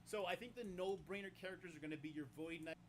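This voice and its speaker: A man narrating a game guide in a brisk, instructive and confident manner. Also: sits high, slight background noise.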